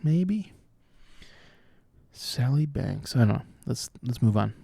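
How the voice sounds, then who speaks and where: Guy working thru crossword clues out loud, lowish mellow voice, explains as he goes, very dry sound. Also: lively intonation, slow, vocal fry, breathy edge, dry recording. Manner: thinking aloud, explaining clues. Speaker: puzzle solver. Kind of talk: solving crosswords aloud.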